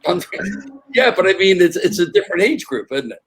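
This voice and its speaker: An older man, an interview guest on a remote call, telling animated stories and acting out other people's voices. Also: high voice, a little fast, a crowd in the background, poor audio. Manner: animated, acts out voices in anecdotes. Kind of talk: casual storytelling.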